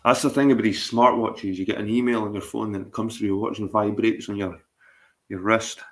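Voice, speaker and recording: A man's voice: lowish voice, steady tone, brisk. A middle-aged Scottish man chatting casually on his livestream, rambling, swearing and repeating himself. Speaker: livestream host.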